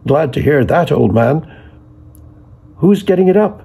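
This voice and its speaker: A man voicing an eager, wheedling middle-aged Dubliner, pitched a little higher than the narration. The voice stays deeply husky and gravelly, with a dark, mellow tone, as in a spoken storybook reading. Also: lively intonation, measured pace, exaggerated voice.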